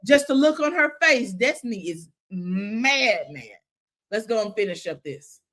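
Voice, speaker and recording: A woman with a Southern American accent hosting a casual review chat, animated and laughing often, full of slang. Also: mid-range voice, unhurried. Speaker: reality show review host.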